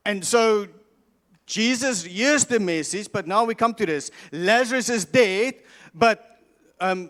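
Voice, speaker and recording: High-voiced pastor, emphatic, in a big echoey hall. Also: male voice, moderate pace, fairly bright tone, smooth. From South Africa. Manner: emphatic, repeats key lines, stumbles and restarts. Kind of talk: sermon. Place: large church hall. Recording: long church hall reverb.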